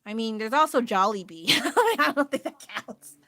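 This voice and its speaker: Bright chatty American woman. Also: fairly high pitch, lively intonation, moderate pace, no room sound. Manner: chatty, rambling, laughs often, answers chat. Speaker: livestreamer. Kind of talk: casual livestream chat. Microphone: phone.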